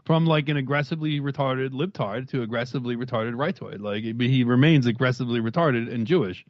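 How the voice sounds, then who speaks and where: A man's voice: medium pitch, fast, no echo, muffled recording. A man talking in casual stream commentary, rambling in long run-on thoughts with frequent restarts. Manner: rambling, discursive, many restarts.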